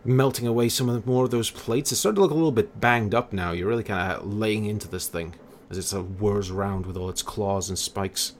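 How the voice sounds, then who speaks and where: A man narrates a tabletop game as game master, describing the action in a relaxed way with the odd filler. His voice is low and gravelly. Faint noise hums in the background. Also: brisk, hardly any pauses.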